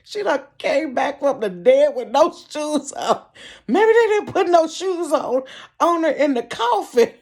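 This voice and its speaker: A woman telling a story on her vlog from her bedroom, animated and laughing, with big swings in pitch. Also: measured pace. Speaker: vlogger.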